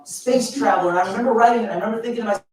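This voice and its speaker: Man in fifties, motivational speech, animated storyteller, slightly high voice, echoey hall, distant mic. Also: very fast. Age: 50s. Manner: animated storytelling with frequent restarts and laughs. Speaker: motivational speaker at a business event.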